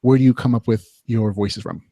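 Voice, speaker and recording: A man's voice: lowish voice, fairly quick, vocal fry, mellow, dry recording, highs cut off. Casual man podcast host, dry sound. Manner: hesitant, casual, with fillers and restarts. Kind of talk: casual interview.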